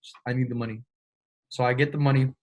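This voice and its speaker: A young man speaks as an interview guest, recounting events in loose, slangy talk. He swears freely and acts out both sides of conversations. His voice sits at an ordinary middle pitch. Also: steady tone. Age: young adult. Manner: slangy, profane, quick retelling with quoted dialogue. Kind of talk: casual storytelling.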